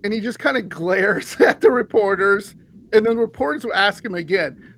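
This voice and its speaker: A man hosting a sports podcast, ranting in an animated, heated way and laughing often. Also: high voice, normal speed, low-quality recording. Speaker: podcast host.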